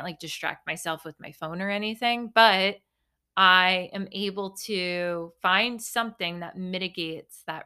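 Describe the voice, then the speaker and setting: A young adult woman hosting a solo podcast, telling a story in a chatty, animated way with playful self-mockery. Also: fairly low pitch. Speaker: podcast host. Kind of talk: casual solo podcast monologue.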